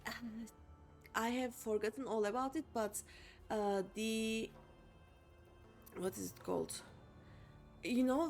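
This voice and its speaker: A woman's voice: fairly high pitch, darkish tone. A young woman streaming a game, chatting casually to her viewers in a rambling way with many fillers and restarts. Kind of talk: casual chat while playing a game.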